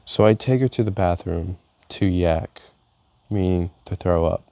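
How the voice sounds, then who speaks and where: A young man reads entries from his own journal aloud in a casual, halting way, often restarting his sentences. His voice sits low and has a gravelly, rough edge to it. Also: dark tone, no echo. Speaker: vlogger. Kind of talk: reading a personal journal aloud.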